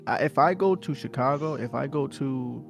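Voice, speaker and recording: A man from New Jersey talks in a relaxed, slangy way, circling back over the same points again and again. His voice has a gravelly, rough edge to it. Faint music plays behind him. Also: medium pitch, normal speed. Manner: laid-back, repeats himself, slangy. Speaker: podcast co-host. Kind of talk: casual chat.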